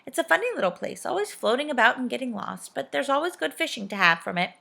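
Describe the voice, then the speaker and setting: Storybook fairy girl, gentle and kind, with a bright lifted tone; a woman voices her. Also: high-pitched, sing-song, quick pace, vocal fry, voice pushed up, exaggerated voice. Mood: wondering.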